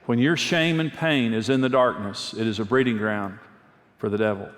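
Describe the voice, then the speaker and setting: A man's voice: fairly low pitch, fairly even intonation, normal speed, a bit bright. A middle-aged man preaching a sermon, telling personal stories candidly and earnestly, often repeating a phrase for emphasis. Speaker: pastor and marriage teacher. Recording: long hall reverb.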